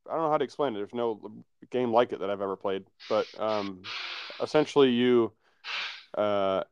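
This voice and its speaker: A man's voice: medium pitch, clean tone, no echo. A man co-hosting a podcast, explaining things in a laid-back, rambling way. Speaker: podcast co-host. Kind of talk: casual chat.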